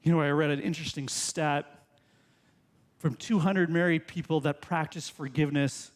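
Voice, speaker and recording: A man's voice: a little high, steady tone, moderate pace, big-room sound. A male pastor preaching a sermon in a conversational way, full of rhetorical questions. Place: church sanctuary.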